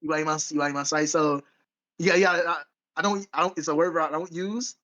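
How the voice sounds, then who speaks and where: A man's voice: fairly high pitch, steady tone, normal speed, a bit bright, poor audio. A man co-hosting a podcast in casual chat, rambling and correcting himself as he goes, with frequent laughs. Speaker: podcast co-host.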